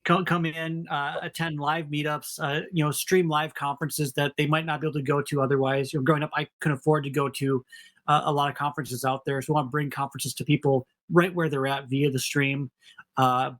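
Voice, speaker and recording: A man's voice: a little high, little pitch movement, fairly quick, fairly bright tone. A man with a Minnesota accent, co-hosting a podcast in a casual, self-deprecating, rambling way. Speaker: podcast co-host.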